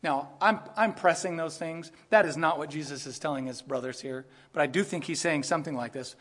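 Animated pastor man, higher voice. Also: fairly quick, hardly any pauses. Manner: animated, laughs often, acts out quoted voices. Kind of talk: expository sermon.

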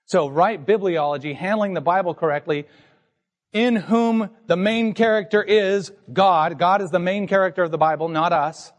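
A man's voice: high-pitched, moderate pace, in a large hall. A man pastor preaching an emphatic, teacherly sermon to his congregation in a church sanctuary.

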